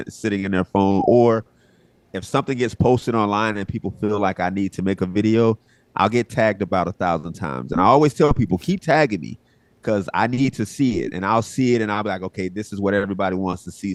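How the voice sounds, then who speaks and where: A relaxed man from Southwest Florida, guesting on a live show and telling stories in a rambling, casual way. His voice sits low and comes across dry and close, with little room sound. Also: no room sound. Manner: relaxed, rambling, acts out quotes. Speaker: guest, social media comedian. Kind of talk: casual interview chat.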